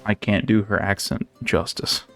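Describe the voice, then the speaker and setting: A man's voice: lowish voice, flat delivery, a little slow, vocal fry, fairly bright tone, soft background music. A male game streamer making casual, offhand asides while he plays. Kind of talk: casual live-stream commentary.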